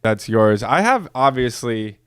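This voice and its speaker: A man's voice: mid-range voice, big pitch swings, measured pace, a bit bright, clean tone, no echo, clean studio sound. An American man on a podcast, telling a rambling story in casual chat, acting out quoted voices and laughing often. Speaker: podcast co-host.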